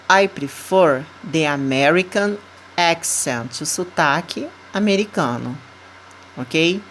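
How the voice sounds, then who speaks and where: A woman with a Brazilian Portuguese accent teaching English, reading out words and example sentences slowly and carefully. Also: deep voice, a little hiss or hum, rough recording. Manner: slow, deliberate dictation of words and example sentences. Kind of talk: recorded English lesson.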